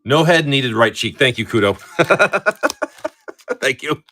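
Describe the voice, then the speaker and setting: A middle-aged man hosts a casual live stream, talking in a bright, forward voice. His pitch swings widely as he rambles, restarts and swears freely. The talk is loose and chatty. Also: expressive, fairly quick, a little hiss or hum. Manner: chatty, profane, laughs easily. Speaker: live-stream card breaker.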